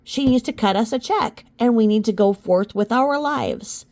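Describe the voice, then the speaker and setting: A woman's voice: a little high, moderate pace, a little mellow. A woman commentator reading court filings aloud in a casual way, with sarcastic, mocking asides and sudden outbursts.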